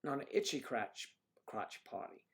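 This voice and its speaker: A middle-aged man hosts a relaxed livestream from home, joking around and talking back to his viewers' comments. His voice sits at an ordinary middle pitch, and he keeps a loose, chatty manner. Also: measured pace, gravelly. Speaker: livestream host. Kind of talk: casual livestream chat.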